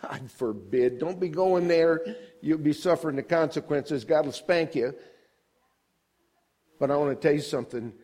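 An older man preaches at a moderate pace, pausing often and putting questions to the congregation. On key points he swells high and loud, then drops back low and soft.

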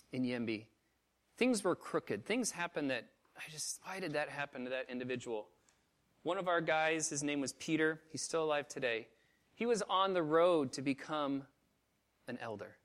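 A missionary pastor preaching a sermon, telling stories with emotion, swinging from loud outbursts to hushed low tones. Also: male voice.

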